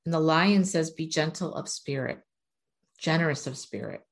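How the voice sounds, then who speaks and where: Earnest low-voiced woman reading oracle cards. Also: moderate pace. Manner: earnest, encouraging, blunt at times. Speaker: spiritual oracle card reader. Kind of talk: casual oracle card reading to viewers.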